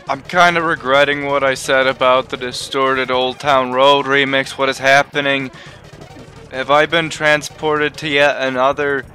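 A sarcastic man delivers a profane, exaggerated comedic commentary. He speaks slowly at a middle pitch. Clear music runs under his voice. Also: bright, forceful tone. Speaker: video essayist.

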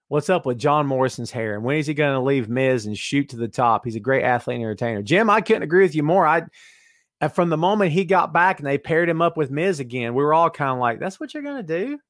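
During a laid-back live-stream, a man hosting a podcast reads viewers' comments and cracks jokes aimed right at the chat, full of excitement. His voice sits on the high side and moves fairly quickly, in studio-quality audio without echo.

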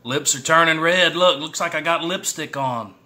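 Here the Texas YouTube creator's voice rides on the high side, pushed and bright, at a moderate pace. The middle-aged man keeps up his folksy Southern chatter to the camera, hyping himself up for the eating challenge.

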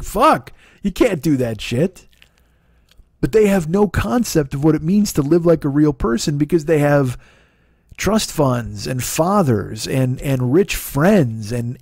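Profane ranting man, high voice. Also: dry recording, studio quality. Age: 40s. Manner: profane, animated, mocking voices in quotes. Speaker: podcast host. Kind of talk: ranting comedic monologue.

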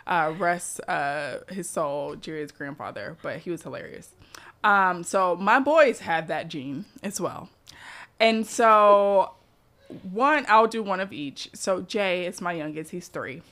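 A woman, co-hosting a casual podcast and telling lively family stories, acting out her children's voices. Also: fairly low pitch, takes it slowly. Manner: animated storytelling, acts out her kids' voices. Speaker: podcast co-host. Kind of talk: casual chat.

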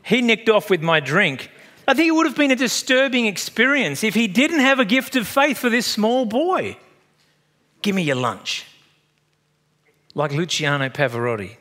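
A man in his fifties with an Australian accent, a pastor preaching a sermon and telling chatty stories with laughs along the way. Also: sits high. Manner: storytelling, animated and chatty, laughs at own stories.

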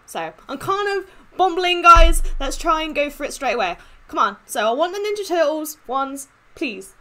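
A woman with a high, bright voice that swings widely in pitch. She gushes excitably through casual gaming commentary as she opens in-game chests. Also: normal speed. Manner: excitable, gushing, squeals with delight. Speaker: gaming YouTuber.

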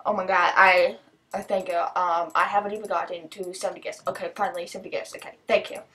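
A teenage girl chatting casually as she opens gifts, excitable, gasping and thanking over and over. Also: fairly low pitch, fast. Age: teens. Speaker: vlogger opening gifts. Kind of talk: casual chat.

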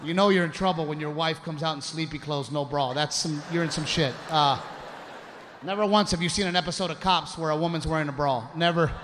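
A man performing a crude, self-mocking stand-up routine on a comedy club stage, telling an animated story. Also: fairly high pitch, brisk, long reverb tail. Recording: live club recording with audible background noise.

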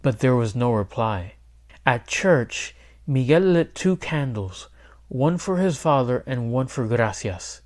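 A man's voice: mid-range voice, expressive, takes it slowly. Man reading a children's story aloud. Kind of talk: children's read-aloud narration.

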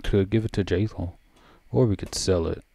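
A man's voice: low-pitched, moderate pace, gravelly, dark tone, no echo. A man thinking aloud while playing a fantasy game, mumbling numbers and item names. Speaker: gameplay commentator. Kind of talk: casual let's-play commentary.

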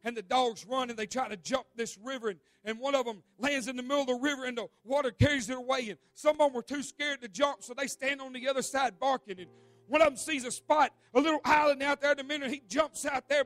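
High-voiced preacher telling a dramatic story. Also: male voice, quick pace, no room sound, faint music behind. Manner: dramatic storytelling with repeated words, swings from loud to hushed. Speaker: pastor. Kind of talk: evening church sermon. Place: church sanctuary.

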